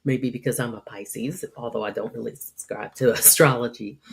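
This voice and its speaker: A middle-aged woman with a low, steady voice talks through advice for leaders at a measured pace. She acts out small everyday scenes to make her points. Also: gravelly. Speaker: podcast host and leadership speaker. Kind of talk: scripted advice talk.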